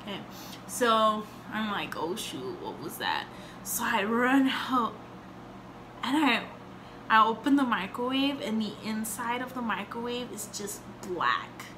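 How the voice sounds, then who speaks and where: A woman's voice: fairly high pitch, measured pace, background noise. A young woman telling a rambling story and chatting in a casual home vlog, with lots of fillers and acted-out quotes. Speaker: vlogger.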